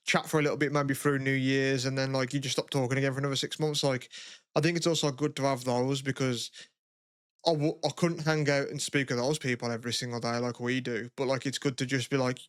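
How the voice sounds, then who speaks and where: A man's voice: mid-range voice, little pitch movement, brisk, clean tone, dry recording, studio quality. A man co-hosting a podcast, chatting casually and rambling, with lots of swearing and filler words. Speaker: podcast co-host. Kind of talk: casual chat.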